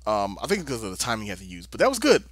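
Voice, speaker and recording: Racing along in a fairly low voice whose pitch swoops wildly, this young let's-play gamer chats casually while playing a video game. He talks a lot, mutters to himself in exasperation, and drawls playfully, with game music in the background.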